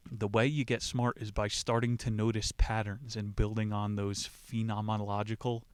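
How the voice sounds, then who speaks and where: A man's voice: fairly low pitch, no room sound. A man hosting a podcast, riffing casually and mockingly on a philosophy book and reading quotes from it aloud. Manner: irreverent, rambling, mocking, reads quotes aloud. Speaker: podcast host.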